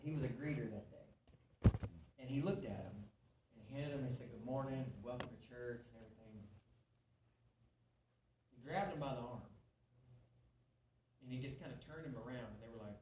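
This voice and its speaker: A man's voice: medium pitch, moderate pace, long pauses, darkish tone, slight background noise. A man telling a personal story at a men's church meeting in a folksy, earnest way, repeating himself and putting questions to his listeners. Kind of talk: sermon-style storytelling. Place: church hall before an audience. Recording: roomy, distant live hall recording.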